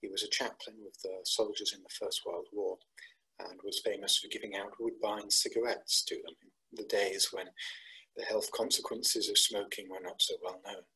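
A man speaks in a measured, earnest way as he introduces a poem for his church audience. His voice sits on the low side. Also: level tone, pushed and bright, husky, rough recording. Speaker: church poetry presenter. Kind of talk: reflective talk introducing a poem.

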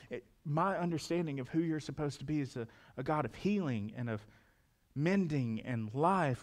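Guy pastor preaching, reads the bible bits then talks it through real earnest, voice a bit on the high side. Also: moderate pace. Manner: earnest, reads scripture then explains it conversationally. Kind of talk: sermon.

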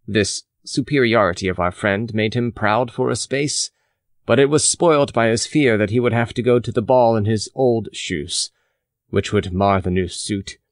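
A man narrating a classic novel in a measured, expressive audiobook reading. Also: lowish voice, no room sound, clean studio sound.

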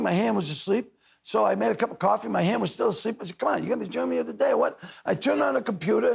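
An older man, a talk show guest telling loud rapid anecdotes and acting out other people's lines. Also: high voice, gravelly, breathy edge. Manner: loud rapid storyteller, doing voices of others. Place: TV studio with audience.

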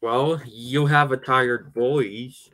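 A man's voice: mid-range voice, steady tone, very slow, sharp tone. A man hosting a casual stream chat, replying tersely and agreeing a lot. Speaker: stream host.

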